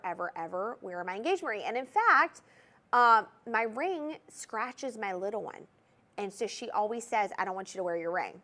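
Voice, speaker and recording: A young woman with a Southern US accent, hosting a TV jewelry shopping show in a bubbly, chatty, salesy manner. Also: on the high side. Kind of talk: TV shopping presentation.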